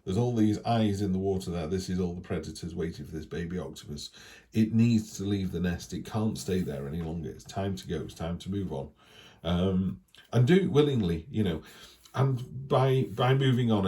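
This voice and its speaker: A man's voice: sits low, mellow. A man giving a casual, chatty tarot reading, talking things through with reassuring asides. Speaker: tarot reader.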